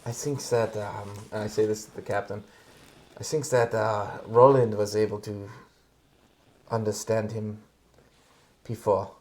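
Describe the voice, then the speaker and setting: Low-voiced man playing a tabletop game. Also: flat delivery, darkish tone, slight background noise. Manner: halting, lots of fillers, switching into character lines. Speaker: player. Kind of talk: casual tabletop role-play.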